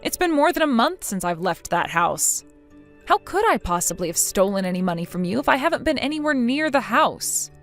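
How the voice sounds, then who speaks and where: A woman's voice: on the high side, sing-song, a little fast, fairly bright tone, faint music behind. A synthetic woman's voice playing a defiant young daughter-in-law in a text-chat story, sarcastic and dismissive.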